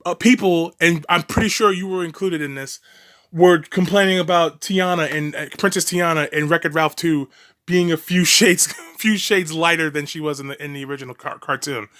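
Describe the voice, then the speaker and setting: A man's voice: on the high side, fairly even intonation, moderate pace, fairly bright tone. A man doing a reaction commentary, profane, sarcastic and mocking, rambling with restarts and laughs.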